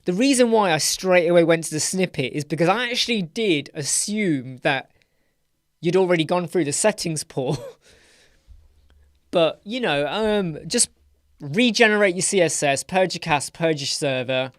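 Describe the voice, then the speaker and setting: A man's voice: a little high, animated, moderate pace, no room sound. Chatty male livestream host, dry sound. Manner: chatty, rambling, laughs often, puts on mocking voices. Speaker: host of a live web design Q&A. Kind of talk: casual livestream chat answering viewer questions.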